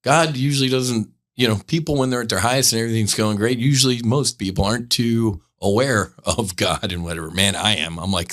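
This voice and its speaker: A man with a somewhat low, bright and forceful voice hosts a podcast, talking through faith in a loose, earnest monologue. He rambles and stops himself mid-thought, then starts over with fresh conviction. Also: normal speed, few pauses. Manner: rambling, earnest, self-interrupting. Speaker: podcast host. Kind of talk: candid spiritual monologue.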